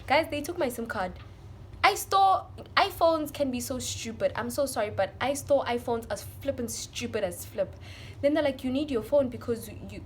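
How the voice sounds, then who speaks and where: A young woman from South Africa, speaking in a South African accent, tells her viewers a story in an animated, emotional way. Her voice sits fairly high. A faint hiss of noise lies under the recording. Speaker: vlogger. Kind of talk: storytime vlog.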